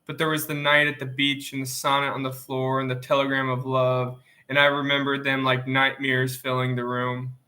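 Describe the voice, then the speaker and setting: Guy reading a novel out loud, bright voice, steady, bit sniffly from allergies. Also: medium pitch, normal speed, hardly any pauses. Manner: plain, steady first-person narration. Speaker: audiobook reader.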